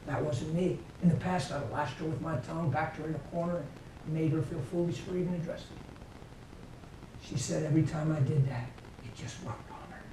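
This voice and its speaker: A man's voice: a little high, dark tone. A man preaching a conversational sermon, telling stories and acting out what people said. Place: church meeting room. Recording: echoey room from far off, faint background noise.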